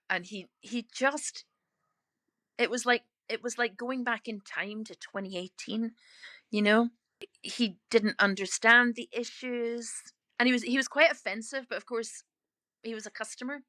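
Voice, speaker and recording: A Scottish woman in her sixties talking in an interview, emphatic and outspoken with quick laughs. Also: mid-range voice, bright, forceful tone, no room sound. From Scotland. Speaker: interviewee, author turned lorry driver. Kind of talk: casual interview talk.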